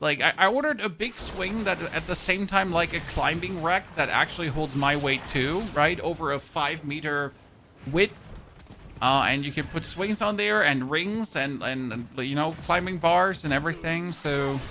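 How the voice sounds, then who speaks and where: A man's voice: on the high side, moderate pace, bright, forceful tone, slight background noise. A man in his thirties with a German accent, chatting casually and joking with his chat while streaming a game. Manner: chatty, jokey, answers chat. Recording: music playing behind.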